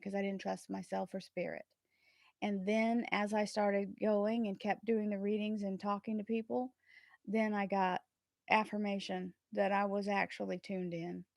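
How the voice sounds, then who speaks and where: A woman hosting a tarot livestream, talking earnestly and warmly about trust and spirit, often laughing between thoughts. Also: medium pitch, creaky, no echo, clean studio sound. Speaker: tarot reader and channel host. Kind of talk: casual livestream chat.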